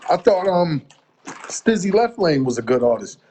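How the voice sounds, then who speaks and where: A man's voice: high-pitched, a little slow, breathy edge. A middle-aged man from the Boston area chatting on a video call as an interview guest, rambling through stories and acting out what people said. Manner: rambling, animated storytelling with quoted asides. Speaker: music promoter, interview guest. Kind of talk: casual interview chat.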